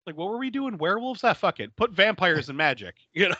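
A man's voice: high-pitched, quick pace, no room sound, lo-fi sound. A man co-hosting a casual podcast, retelling a movie plot with lots of laughter and acted-out quotes. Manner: laughing often, animated retelling with quoted voices. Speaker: podcast co-host. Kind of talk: casual movie recap chat.

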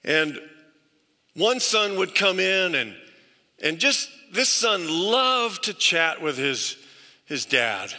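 A man's voice: a little high, sharp tone, big-room sound. A male pastor preaching a sermon, telling stories earnestly and stressing points through repetition. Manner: earnest storytelling with emphatic repetition.

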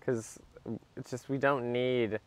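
A man's voice: medium pitch, fairly even intonation, takes it slowly, no room sound. A man joining a casual chat as co-host, making dry, joking asides.

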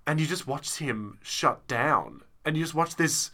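A man's voice: on the high side, animated, unhurried, pushed and bright. A man co-hosting a podcast, chatting casually and rambling with lots of fillers as he recounts a show he saw. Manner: rambling, self-interrupting with many fillers. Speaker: podcast co-host. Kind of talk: casual chat reviewing a show.

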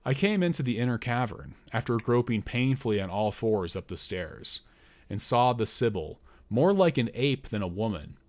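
A man reading a first-person story aloud in a measured, deliberate narrating voice. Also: mid-range voice, very animated, a little mellow. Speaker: audiobook narrator.

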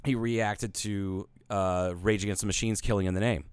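A man's voice: fairly low pitch, moderate pace, smooth, dry recording. A man co-hosting a podcast, telling rambling, profane stories in casual chat. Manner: rambling, profane storytelling with animated quotes. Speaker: podcast co-host.

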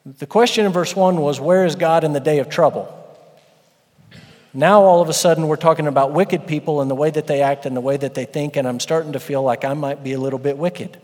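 A man preaching a sermon as a pastor, emphatic, with dramatic pauses and stressed words. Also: fairly high pitch, a little mellow. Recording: long church-hall reverb.

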